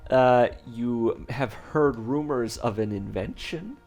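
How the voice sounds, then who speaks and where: A man's voice: mid-range voice, slow, a little mellow, soft background music. A man narrating a tabletop game as game master, describing scenes with many hesitations.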